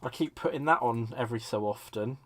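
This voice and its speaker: A man's voice: medium pitch, fairly quick. A man hosting a live crafting demonstration from his home desk. He chats with viewers in a playful, camp, teasing way while he works. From United Kingdom. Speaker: crafting livestream host. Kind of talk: live crafting demo chat.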